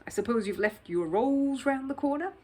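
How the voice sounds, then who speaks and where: A woman's voice: sits high, animated, normal speed, dark tone, slightly rough, pitched above the performer's own voice. A woman voicing a stern, sarcastic male factory gatekeeper in uniform, in a storybook reading. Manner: sarcastic, scornful.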